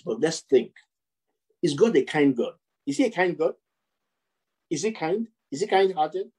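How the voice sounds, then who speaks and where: A man preaching a sermon, piling up rhetorical questions and repeated phrases with slow, drawn-out emphasis. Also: high-pitched, darkish tone, breathy edge, rough recording.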